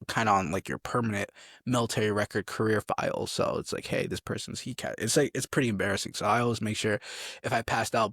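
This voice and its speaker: A man's voice: on the low side, fairly bright tone, slightly rough, dry recording, studio quality. A young man, a soldier, telling army stories in a rambling, casual way as an interview guest. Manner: rambling, gets sidetracked, acts out drill sergeants.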